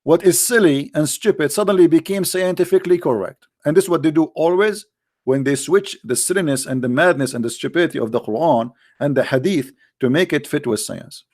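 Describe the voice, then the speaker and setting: Mocking, emphatic man with a raised pitch. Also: brisk, darkish tone. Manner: non-native English grammar. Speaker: online debater. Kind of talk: solo commentary monologue.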